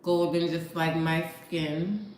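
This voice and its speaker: Her voice sits low and a little mellow, with fairly even intonation and a slow pace, as this New Orleans-accented vlogger chats folksily to camera. She calls viewers honey and baby; the echoey room carries faint ambience and slight background noise.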